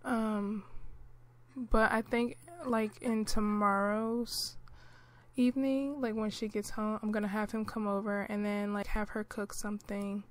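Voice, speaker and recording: A woman narrating her life-simulation gameplay in a relaxed, chatty way, with lots of fillers, clearing her throat now and then. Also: medium pitch, a little slow. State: clearing throat, hiccuping and coughing. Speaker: gameplay commentator.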